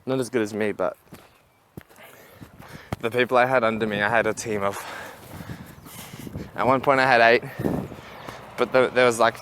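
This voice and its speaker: A man's voice: medium pitch, steady tone, normal speed, long pauses, a bit bright, slight background noise. A young man chatting casually while walking outdoors, rambling and laughing at his own stories. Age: young adult. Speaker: vlogger. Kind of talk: casual walk-and-talk vlog.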